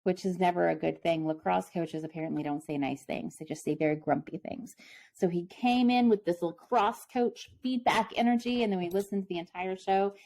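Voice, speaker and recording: A woman's voice: fairly low pitch, a little fast, a little mellow. A woman co-hosting a podcast in a playful, teasing casual chat, laughing easily. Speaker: podcast co-host. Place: home.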